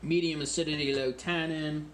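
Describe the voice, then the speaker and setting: A man hosting a casual wine-tasting vlog at home in a deliberately put-on British accent, joking and rambling about himself while recording on a phone. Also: a little high, fairly even intonation, fairly bright tone, a little hiss or hum. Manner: jokey, rambling and self-mocking.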